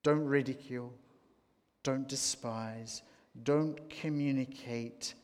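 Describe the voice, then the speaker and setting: A man preaching a sermon, slow and deliberate, rising to emphatic points. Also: mid-range voice. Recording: long hall reverb.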